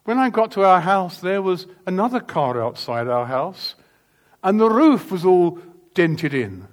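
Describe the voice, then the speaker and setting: An older man telling a story in a sermon, shifting between quiet asides and loud, laughing outbursts. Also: high-pitched. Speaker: preacher.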